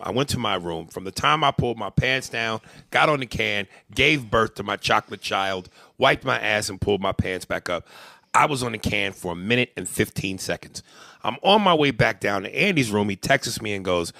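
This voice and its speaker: A man who works as a comedian, co-hosting a podcast and telling profane, animated, joking stories in a casual rant. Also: lowish voice, moderate pace, creaky, dry recording, studio quality.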